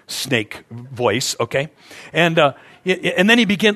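A man's voice: fairly high pitch, big pitch swings, measured pace, bright, forceful tone. Emphatic man preaching a sermon. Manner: emphatic, conversational, repeats words when building up. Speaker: pastor.

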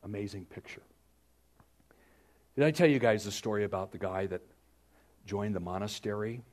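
A man preaching a sermon, telling stories and acting out grumbling people in raised voices. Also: moderate pace. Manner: lively storytelling preacher, acts out complainers in higher voices. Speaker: pastor.

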